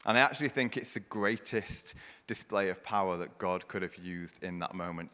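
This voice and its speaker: A man preaching a sermon as pastor, building to loud, forceful passages and then dropping to a hushed near-whisper. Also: fairly low pitch, big-room sound. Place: church.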